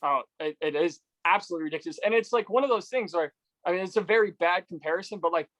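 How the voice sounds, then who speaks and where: A man's voice: sits high, fairly bright tone, no room sound, rough recording. Conversational man hosting a podcast. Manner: conversational, storytelling, quick to agree. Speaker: podcast host. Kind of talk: casual podcast interview.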